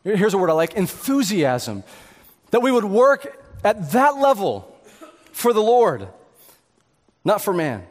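A man's voice: sits high, wildly swooping pitch, slow, long pauses, long reverb tail. A man in his thirties or forties preaching a sermon, earnest, building to emphatic peaks with repeated words. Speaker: pastor.

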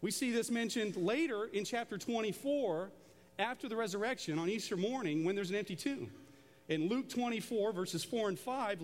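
A man preaching a sermon to a church congregation, animated and conversational, drawing the crowd into call-and-response. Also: high-pitched, in a large hall. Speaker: pastor. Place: large church auditorium.

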